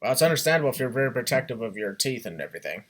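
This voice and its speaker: Steady male podcast co-host. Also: mid-range voice, racing. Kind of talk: casual wrestling chat.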